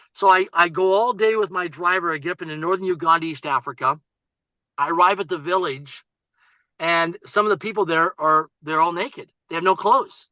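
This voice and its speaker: A man with a notably high, bright voice tells stories as a podcast guest. He talks with emphatic, driving energy and keeps repeating his key phrases. The sound is close and dry. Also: a little fast, dry recording, rough recording. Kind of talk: energetic storytelling.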